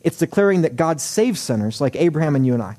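A man preaching a sermon as pastor, animated, acting out quoted voices with wry humor. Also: a little high, fast talker.

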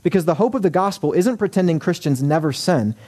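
A man preaching a sermon as pastor, animated, acting out quoted voices with wry humor. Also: fairly high pitch, fast talker.

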